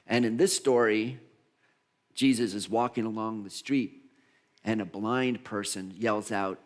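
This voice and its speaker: A man's voice: fairly low pitch, fairly even intonation, a little slow. A man preaching a sermon as minister, acting out the voices of Bible figures and laughing at himself along the way.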